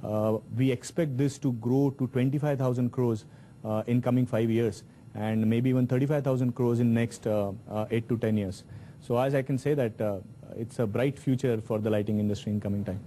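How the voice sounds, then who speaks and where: Industry executive, very dark mellow voice, steady factual delivery, faint hiss. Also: male voice, medium pitch, a little fast. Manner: steady, factual, with many fillers. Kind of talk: panel discussion answer.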